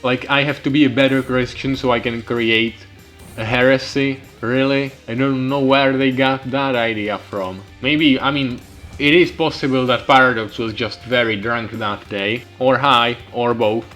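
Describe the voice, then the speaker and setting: A man's voice: mid-range voice, fairly even intonation, a little slow, a bit bright. A young man giving sarcastic, ranting commentary over a strategy game, swearing freely. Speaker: gaming channel host. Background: faint background music.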